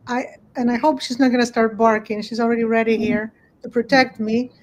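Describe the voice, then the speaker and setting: A woman's voice: fairly high pitch, steady tone, moderate pace, a little hiss or hum, rough recording. A woman guest on a panel who laughs often and restarts her sentences as she talks. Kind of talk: casual panel discussion.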